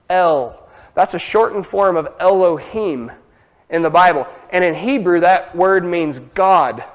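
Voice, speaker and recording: A man with an Ozarks accent preaching a sermon, teaching emphatically with lively asides. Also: high voice.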